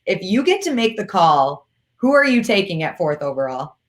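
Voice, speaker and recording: A woman's voice: on the low side, very animated, normal speed. A woman co-hosting a casual sports chat, reading listener questions and laughing easily. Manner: laughs easily, brief interjections.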